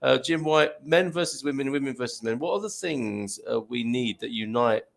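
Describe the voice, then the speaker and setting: A man hosts a casual video-call chat show, reading out viewer comments in an upbeat way. His voice is gravelly and his pitch moves a lot. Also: animated, moderate pace. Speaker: host.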